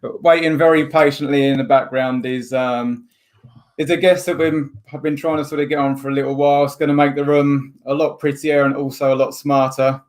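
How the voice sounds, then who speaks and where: A man hosting a casual sports chat on a video call. His voice sits in an ordinary middle pitch, and he keeps the talk loose and joking. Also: level tone, brisk, a little mellow. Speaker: podcast host.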